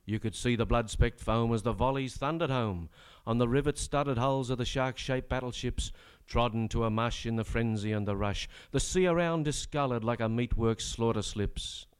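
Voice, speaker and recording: Australian man reciting comic verse, smooth voice. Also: medium pitch, moderate pace, hardly any pauses. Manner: sardonic, dry asides between rollicking rhymed verse.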